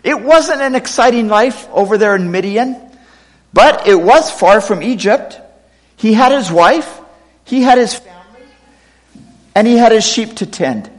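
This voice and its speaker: Lively high-voiced male preacher in hall. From United States, raised partly in Pakistan. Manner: expressive, dramatic reading of scripture quotes. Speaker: pastor. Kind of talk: sermon.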